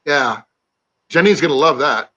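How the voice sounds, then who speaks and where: A man's voice: fairly high pitch, lively intonation, a little slow, pushed and bright, lo-fi sound. A man from Iowa joining a casual live-stream chat as a guest, chatty and rambling. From Iowa, USA.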